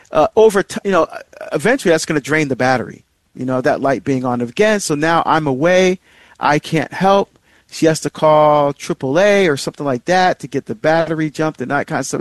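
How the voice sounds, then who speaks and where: A middle-aged man hosting a marriage series, telling a personal story in a rambling, conversational way, with many fillers and restarts and sharp jumps in pitch when he stresses a point. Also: dry recording.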